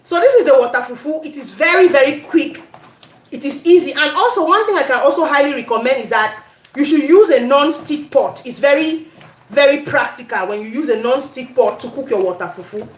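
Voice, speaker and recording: High-voiced Cameroonian woman, cooking chat. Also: animated, a little fast, roomy sound. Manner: chatty, addresses viewers, breaks into Pidgin. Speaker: cooking channel host. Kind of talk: casual cooking demonstration. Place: home kitchen.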